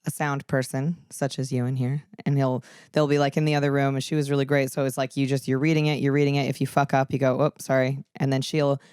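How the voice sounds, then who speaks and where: A woman's voice: very deep voice, flat delivery, fast talker, few pauses, a little mellow, clear, resonant tone, no room sound. A woman comedian chatting casually as a podcast guest, with a dry, sarcastic-sounding delivery and plenty of swearing.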